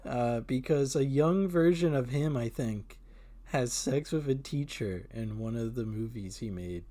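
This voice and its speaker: A man's voice: mid-range voice, measured pace, warm tone. A young man co-hosting a podcast in laid-back casual chat, laughing often. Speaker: podcast co-host.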